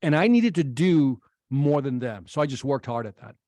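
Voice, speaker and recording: A middle-aged man from Chicago, a guest telling an animated story in an interview and acting out the exchanges he quotes. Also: mid-range voice, moderate pace, no echo. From Chicago, United States. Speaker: guest speaker.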